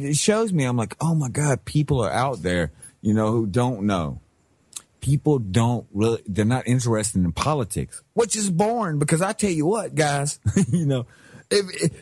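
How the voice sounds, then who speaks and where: A middle-aged man hosting a talk radio show, ranting in a slangy, animated way. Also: medium pitch, no room sound, studio quality. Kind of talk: heated talk-radio rant.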